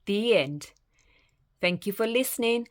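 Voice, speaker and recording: A woman storyteller reading children's fairytales aloud in a lively, expressive way. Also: a little high, measured pace.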